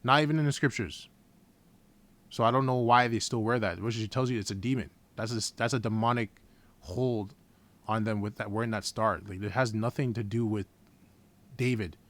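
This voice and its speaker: A man preaching informally from scripture in a blunt, profane, heated way, reading the verses slowly and deliberately. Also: lowish voice, fairly bright tone. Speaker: scripture teacher.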